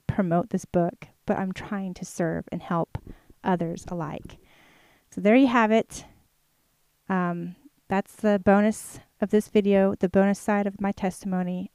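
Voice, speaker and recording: A woman's voice: mid-range voice, warm tone, no echo. A woman author sharing a personal faith testimony in a chatty, earnest way, with many fillers. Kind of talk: casual testimony to camera.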